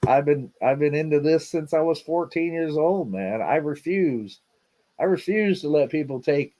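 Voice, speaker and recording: A man's voice: medium pitch, darkish tone. Rambling laid-back man hosting a livestream. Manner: rambling, repeats himself, lots of fillers. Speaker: livestream host. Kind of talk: casual livestream chat.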